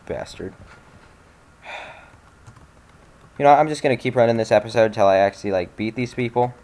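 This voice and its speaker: A man's voice: medium pitch, moderate pace, a little mellow. A young man giving casual commentary on a game he is playing, sarcastic and swearing, with sudden frustrated outbursts. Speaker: let's play gamer.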